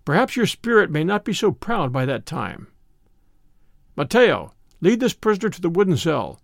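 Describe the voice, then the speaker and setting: A cruel old tribunal president hands down his sentences in a cold, commanding voice, as a man reading the story acts him out. His delivery moves around a lot in pitch, and the recording is close and dry. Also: big pitch swings, moderate pace, creaky, no room sound, full character voice. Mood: stern menacing. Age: older. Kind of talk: audiobook character reading.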